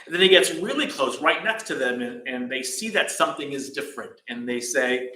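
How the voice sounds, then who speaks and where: A man giving a casual dharma talk in a temple hall, relaxed and chatty, with many fillers and restarts. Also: medium pitch, brisk, slight background noise. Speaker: temple teacher. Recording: echoey hall.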